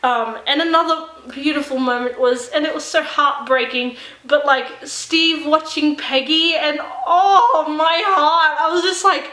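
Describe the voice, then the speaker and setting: A young woman gushes through an excited film review, her high voice bright and sharp. She tumbles along with constant "like" fillers and playful re-enactments. The room around her rings with echo. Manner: gushing, fast filler-heavy chatter with lots of "like". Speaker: movie reviewer vlogger. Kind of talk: excited casual movie review.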